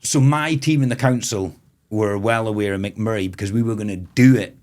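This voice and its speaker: A man's voice: fairly low pitch, normal speed, a little mellow. A man of around forty from Moray in Scotland, a festival owner telling stories as a guest in a casual podcast chat. He rambles, swears freely and laughs often.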